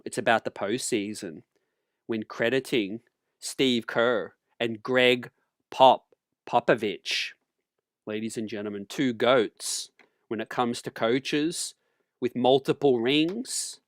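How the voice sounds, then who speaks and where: A man hosting a sports talk channel, relaxed and casual, calling viewers fam and ladies and gentlemen and clearing his throat often. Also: medium pitch, no room sound, clean studio sound.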